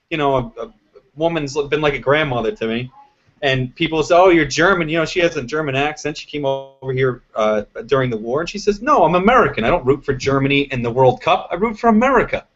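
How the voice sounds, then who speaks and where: A man's voice: fairly high pitch, fairly bright tone. A man hosting a live political panel show, talking in an opinionated, emphatic and rambling way. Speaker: show host. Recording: lo-fi web stream audio.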